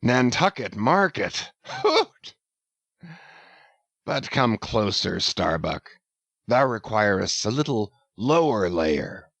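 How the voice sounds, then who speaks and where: A man's voice: on the low side, sing-song, slow pace, a bit bright, no room sound, full character voice. A man reading the part of an obsessed old whaling captain, delivered as thundering, ranting declamation. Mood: scornful. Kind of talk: audiobook character reading.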